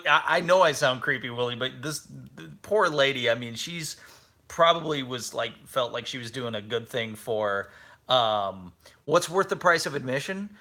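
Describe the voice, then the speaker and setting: Guy in his 30s, bright voice, chatty, acts out funny stories for his co-host. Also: medium pitch. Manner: animated storytelling, acts out quotes. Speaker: podcast co-host. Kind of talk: casual chat.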